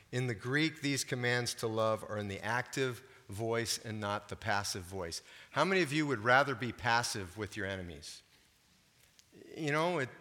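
A man's voice: medium pitch, bright, forceful tone, big-room sound. An older man preaching a sermon as pastor, talking conversationally and often asking the congregation questions.

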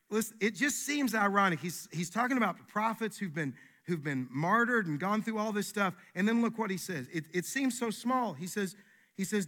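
A man's voice: high-pitched, sharp tone. A man preaching a sermon as pastor, emphatic and folksy, repeating his key phrases.

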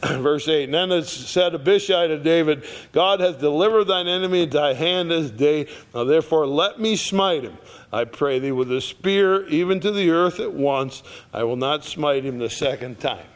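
A man preaching a sermon, reading scripture aloud and retelling the story in lively plain talk. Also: on the high side. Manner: animated storytelling, acting out the characters. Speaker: pastor.

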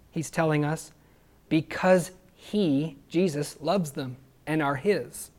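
A man preaching a sermon, earnest and emphatic, often pausing to ask his listeners rhetorical questions. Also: a little high. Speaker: pastor.

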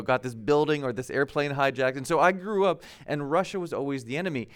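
Smooth-voiced male pastor preaching. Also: medium pitch. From United States. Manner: conversational, self-deprecating, laughs at himself. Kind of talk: sermon.

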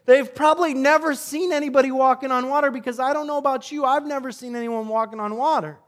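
A man preaching a sermon, telling a story with animation and swinging between loud and soft passages. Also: extremely high pitch, steady tone, fast talker. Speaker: pastor.

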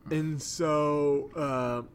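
A man's voice: fairly high pitch, steady tone, drawn-out words, slight background noise. A young man co-hosting a podcast, recapping an episode in a rambling, unsure way with many fillers. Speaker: podcast co-host.

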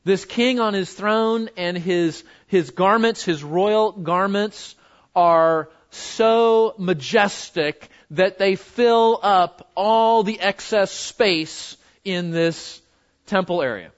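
A man teaching a Bible lesson in a conversational way, often repeating words and slowing down to stress key phrases. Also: high-pitched, muffled recording.

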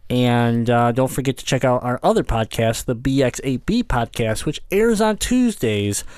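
A man hosting a casual retro gaming podcast, laughing often and reading ads briskly. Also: mid-range voice, expressive, a little mellow, smooth, no room sound. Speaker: podcast host.

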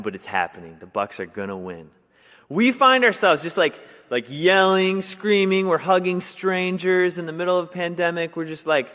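A young adult man preaching a sermon in a casual, conversational way, with many fillers, getting animated when he tells stories. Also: on the high side, normal speed. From Wisconsin, US. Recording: long hall reverb.

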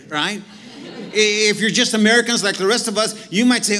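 A man preaching a sermon as pastor, animated and direct, reading scripture slowly and checking in with the congregation. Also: high-pitched, long reverb tail. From Mexican heritage. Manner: animated preaching, reads scripture slowly, asks "right?" to the crowd.

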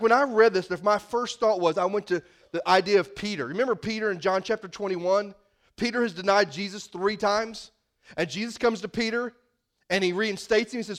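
A man's voice: sits high, a bit bright. A male pastor preaching a sermon in a folksy, conversational manner.

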